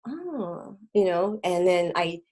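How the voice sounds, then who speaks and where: Middle-aged woman telling her story, lots of ums and restarts, goes real quiet sometimes. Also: mid-range voice, low-quality recording. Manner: halting, many fillers and restarts, drops to a near whisper at hard moments. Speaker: guest. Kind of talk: personal testimony in an interview.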